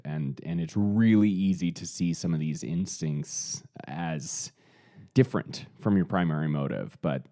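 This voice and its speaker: A man co-hosting a podcast, talking in a halting, wry, conversational way. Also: low voice, mellow. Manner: halting, restarts, wry asides. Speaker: podcast co-host. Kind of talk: casual podcast chat.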